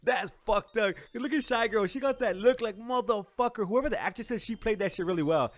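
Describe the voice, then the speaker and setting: A man's voice: high-pitched, fairly quick, hardly any pauses. A man casually reacting to a movie, talking in profane slang and laughing often. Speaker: movie reviewer.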